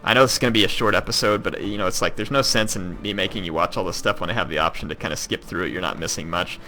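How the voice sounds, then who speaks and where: Southern US man, low-ish bright voice, loose rambling gameplay commentary over faint music. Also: racing. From Kentucky. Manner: rambling, chatty, lots of ums and likes. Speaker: gaming YouTuber. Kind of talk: casual let's-play commentary.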